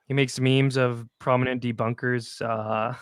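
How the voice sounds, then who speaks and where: A man's voice: mid-range voice, level tone, unhurried, clean tone, dry recording, clean studio sound. A man hosting a show and commenting on clips in a mocking, incredulous way.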